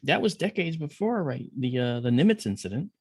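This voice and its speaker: Gravelly man telling a lively story. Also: on the high side, brisk, no room sound. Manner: animated storyteller, acting out quoted voices. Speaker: podcast guest. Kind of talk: storytelling in casual conversation.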